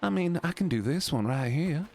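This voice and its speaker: A goofy, playful man chats with his stream audience while he plays, his pitch bouncing all over. He leans into a put-on southern drawl and drops into deep joke voices, with soft game music under him. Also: animated, moderate pace, vocal fry. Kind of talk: casual chat with a live stream audience while gaming.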